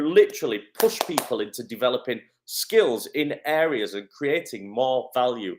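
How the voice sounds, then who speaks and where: A middle-aged acting coach with a Northern English accent gives a live coaching talk, energetic and encouraging as he answers viewer comments. His voice sits at a medium pitch.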